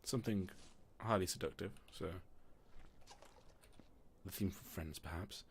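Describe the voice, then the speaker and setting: Alone in a room, a man narrates a tabletop game as game master, speaking in a deep voice at a measured pace. He rambles casually and often pauses to ask himself questions, with slight background noise.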